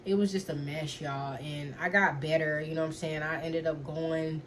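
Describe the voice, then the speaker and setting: A woman's voice: deep voice, steady tone, moderate pace, a little hiss or hum. A young adult woman telling a personal story to her viewers in a casual, chatty way, full of fillers and asides to her audience. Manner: earnest, lecturing when giving advice.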